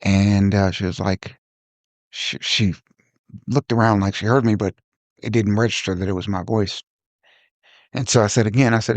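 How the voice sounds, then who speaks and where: A man hosting a podcast, telling a personal story in a reflective, halting way with frequent restarts. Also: lowish voice, fairly even intonation, darkish tone, dry recording. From Ohio. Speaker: podcast host.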